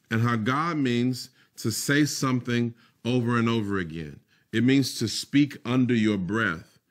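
A male pastor preaching a sermon, slowing down for emphatic phrases and repeating key lines, dropping into quick muttered asides. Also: mid-range voice.

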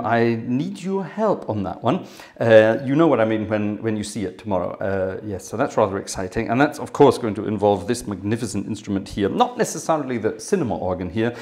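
A man's voice: on the low side, warm tone. A man from Britain, hosting his organ channel, giving a rambling casual update with lots of ums and yeses, a bit out of breath. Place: music room.

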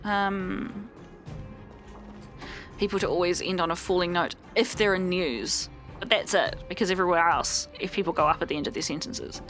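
A woman's voice: fairly low pitch, moderate pace, a bit bright, faint music behind. New woman, let's play host, mock news-anchor reading, stumbles and self-corrects. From New Zealand. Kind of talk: reading game text aloud with commentary.

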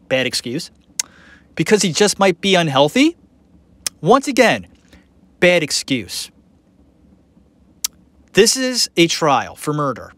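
A man's voice: fairly high pitch, no echo. A man hosting a podcast, talking through a documentary in a casual, opinionated and rambling way. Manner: animated, opinionated, rambling with fillers. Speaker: podcast host. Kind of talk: casual commentary.

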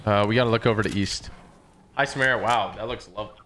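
A man streaming a battle royale game with friends, making rapid, excited callouts. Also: fairly low pitch, crowd noise. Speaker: streamer calling plays. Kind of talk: live game commentary with friends. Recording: loud game gunfire behind voice.

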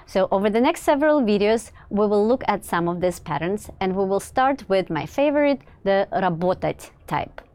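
Measured woman teaching grammar. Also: medium pitch, animated, a little mellow. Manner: clear, measured explaining with occasional "uh" fillers; slows down to model example words. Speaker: language teacher. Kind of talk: recorded grammar lesson.

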